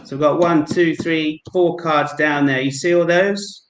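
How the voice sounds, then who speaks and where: A guest amateur magician from England, with a London accent, performs a card trick over a video call, narrating each move politely and warmly. His voice is a little high with fairly even intonation and a measured pace, on a low-quality recording in an echoey room.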